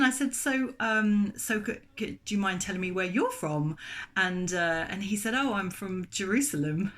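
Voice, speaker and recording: A middle-aged woman telling a story in a casual, chatty way, full of fillers and lively retellings. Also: mid-range voice, normal speed. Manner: chatty, animated, many fillers. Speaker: vlogger.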